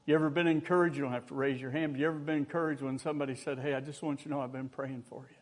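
A man's voice: mid-range voice, steady tone, very fast. An older man preaching a sermon, telling folksy personal stories with humor and rising exhortation.

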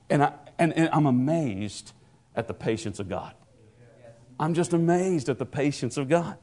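A man's voice: medium pitch, animated, normal speed, a little mellow. A man preaching a sermon, stumbling over repeated words and rising into emphatic proclamations. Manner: stammering restarts, builds to emphatic proclamations.

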